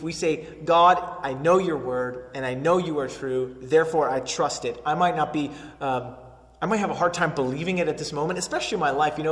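A man preaching a sermon as pastor, earnest and emphatic, often repeating words as he builds his point. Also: fairly high pitch. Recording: echoey hall reverb.

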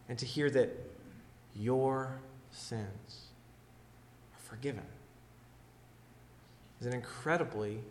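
A man preaching a sermon, earnest and emphatic, swinging between loud declarations and hushed, quiet lines. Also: on the high side, roomy sound. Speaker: pastor.

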